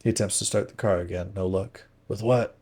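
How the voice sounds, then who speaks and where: A man with a low, husky voice reads a first-person novel aloud. His delivery is measured and dramatic, often sinking into hushed, quiet phrases. It is steady storytelling from a live stream. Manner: measured, dropping to hushed tones.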